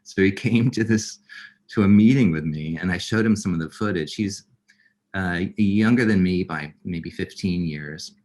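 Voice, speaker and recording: A middle-aged man with a very low, deep voice talks as an interview guest. He speaks in a halting, thoughtful way, pausing on fillers and starting sentences over. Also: darkish tone. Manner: halting, many fillers and restarts. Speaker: filmmaker guest. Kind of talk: reflective interview talk.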